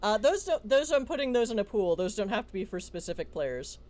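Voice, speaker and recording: Animated female player, casual tabletop chat. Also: medium pitch, fairly quick. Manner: chatty, jumps between in-character lines and table talk.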